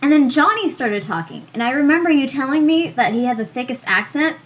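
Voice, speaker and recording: A woman interviewing a band over the phone, chatty and quick to laugh. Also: high-pitched, expressive, noisy background. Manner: laughs easily, conversational.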